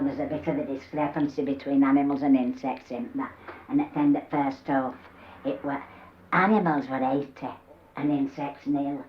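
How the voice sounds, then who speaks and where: An older Yorkshire woman spins comic dialect tales, lively and acting out each character. Her voice sits a little low. The recording is a dull old cassette with a roomy echo. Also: slight background noise. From Yorkshire, England. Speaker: dialect storyteller. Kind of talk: telling humorous dialect tales.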